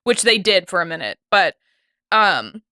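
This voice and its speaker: A woman's voice: medium pitch, big pitch swings, unhurried, bright, forceful tone, dry recording, studio quality. A woman co-hosting a casual TV recap chat, talking loosely with many fillers and restarts. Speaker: podcast co-host.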